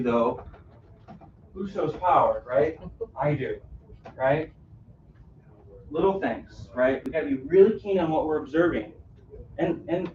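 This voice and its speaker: A man's voice: on the high side, darkish tone, slight background noise. A man presenting a caregiving workshop to a live audience on a cruise ship, engaging the room with questions and a frequent "right?". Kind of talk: live interactive workshop talk. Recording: roomy, distant, dull audio.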